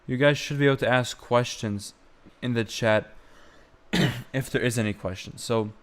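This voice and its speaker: Young guy teaching chant on a stream, slow and unhurried, clean smooth voice, sings bits in between. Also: medium pitch. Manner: unhurried explaining, breaking into sung phrases. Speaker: music teacher. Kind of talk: live-streamed chant lesson with sung examples.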